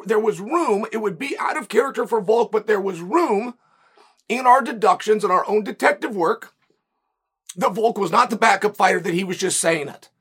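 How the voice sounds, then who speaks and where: Hoarse man hosting a sports podcast. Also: high voice, a bit bright. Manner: talks with a lozenge in his mouth; chatty, emphatic and rambling. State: hoarse, losing his voice. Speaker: podcast host. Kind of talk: solo sports podcast monologue.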